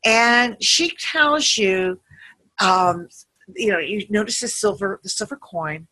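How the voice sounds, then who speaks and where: A woman with a bright, forward voice and a husky edge to it talks listeners through a guided visualization. She speaks gently and soothingly, drifting between imagery and casual asides. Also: mid-range voice, takes it slowly. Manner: meandering, gentle, soothing storytelling. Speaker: meditation guide.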